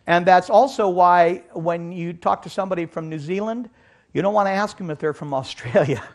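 A man giving an animated sermon-style Bible lecture, asking his audience rhetorical questions. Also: high-pitched, fairly quick, gravelly. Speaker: Bible teacher.

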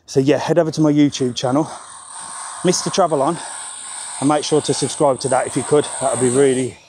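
A man's voice: medium pitch, fairly even intonation, fairly quick, noisy background. Chatty man walking a promenade. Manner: chatty and upbeat, chats with passers-by. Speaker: travel vlogger. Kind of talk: live-stream walking vlog. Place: outdoors on a busy seaside promenade.

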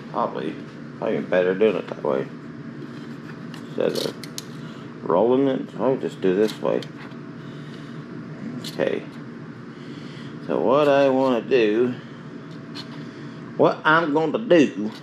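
A man's voice: lowish voice, animated, measured pace, gravelly, pauses often, noisy background. A man chatting casually to himself and viewers as he cooks. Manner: chatty, rambling, self-talk while cooking. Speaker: cooking ASMR host. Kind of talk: casual cooking chat.

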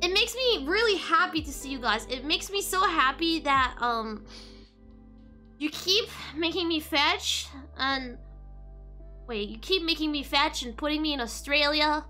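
Young woman streamer, high lively bright voice, giggly and bubbly, soft music underneath. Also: unhurried. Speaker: VTuber streamer. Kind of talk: casual live-stream chat with viewers.

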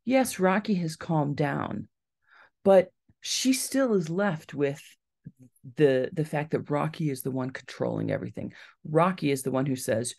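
A woman's voice: deep voice, a little slow, vocal fry. A woman author giving a library talk, telling a true story and acting out the people in it. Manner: animated storyteller, acts out quoted voices. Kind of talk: storytelling lecture.

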